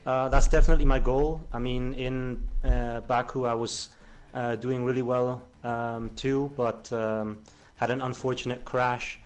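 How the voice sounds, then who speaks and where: Racing driver, mid-pitched man, calm answers full of fillers. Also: measured pace, hardly any pauses. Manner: steady answers broken by ums and uhs. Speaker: racing driver, second place. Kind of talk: post-race interview.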